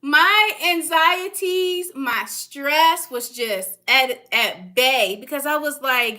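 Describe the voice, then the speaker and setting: A woman's voice: sits high, takes it slowly, hardly any pauses, sharp tone. A young woman vlogger talking casually and emphatically to her viewers, repeating phrases for stress and dropping into slang. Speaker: stock trading vlogger. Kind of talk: casual motivational talk to camera.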